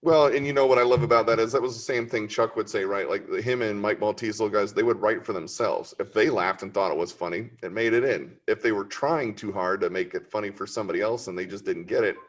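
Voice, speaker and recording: Male host, low-pitched, easygoing, chatty. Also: fast talker, few pauses. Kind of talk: casual interview chat.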